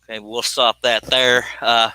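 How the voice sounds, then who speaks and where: A man's voice: medium pitch, level tone, unhurried, bright, forceful tone, clear, resonant tone, no room sound, rough recording. A man, hosting a live stream and chatting casually while he works, rambling and self-deprecating.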